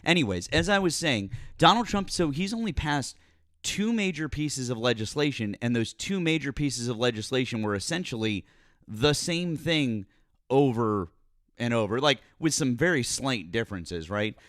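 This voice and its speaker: A man's voice: mid-range voice, expressive, moderate pace, a bit bright, no room sound, clean studio sound. A man hosting a live political call-in show, mocking and needling a caller and repeating himself. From Massachusetts. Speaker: political talk show host. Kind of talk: heated live call-in debate.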